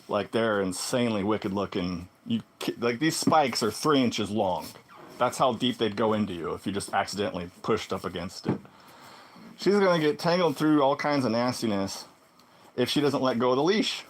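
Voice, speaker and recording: A man telling a personal story in a casual vlog monologue, swinging between loud exclamations and low muttered asides. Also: moderate pace, a little hiss or hum. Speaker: vlogger.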